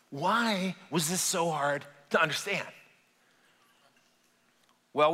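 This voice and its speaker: A man preaching a sermon to a live congregation, animated and acting out the voices in the stories he tells. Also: medium pitch. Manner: animated, acts out voices in quotes. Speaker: pastor. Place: church hall with audience. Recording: long hall reverb.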